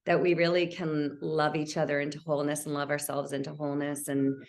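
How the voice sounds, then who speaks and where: A woman who works as a Reiki healer, speaking gently and warmly about her community as a guest on a podcast. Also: low-pitched, little pitch movement, a little fast. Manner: gentle, heartfelt, spiritual talk. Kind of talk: conversational podcast interview.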